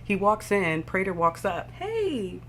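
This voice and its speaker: A woman with a fairly low voice tells a TV episode's story in a loose, casual recap. She swears freely and talks in an animated way, with sound effects. Faint noise sits under her voice. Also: unhurried. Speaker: TV and film recap vlogger.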